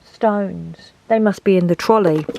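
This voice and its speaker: A woman's voice: medium pitch, unhurried, vocal fry, darkish tone, no room sound. A woman chatting casually in a home craft vlog, rambling and thinking aloud as she sorts through her things. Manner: rambling, thinks aloud, talks to herself while sorting. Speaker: craft vlogger. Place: home craft room, indoors.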